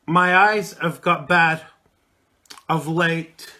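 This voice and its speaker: A man around forty hosts a live call-in radio talk show, chatting casually and rambling with lots of ums, fillers and restarts. His fairly high voice is bright and forceful, with fairly even intonation, and he speaks very slowly.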